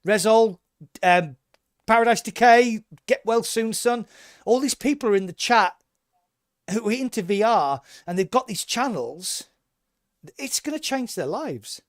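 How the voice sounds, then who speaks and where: Upbeat high-voiced man chatting on a podcast. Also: lively intonation, a little slow, no echo, studio quality. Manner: enthusiastic, rambling with restarts. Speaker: podcast co-host. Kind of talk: casual podcast chat.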